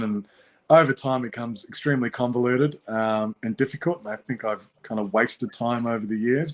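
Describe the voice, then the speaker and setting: A man's voice: mid-range voice, fairly bright tone. A young man, an arm wrestler guest in a live show, talking casually and rambling with many fillers. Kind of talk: casual interview talk.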